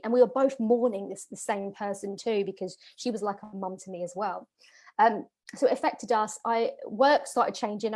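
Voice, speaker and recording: Telling her audience a personal story in a masterclass, this woman, a business coach, gets emotional and repeats herself often, using many fillers. She speaks on the high side with a somewhat mellow tone.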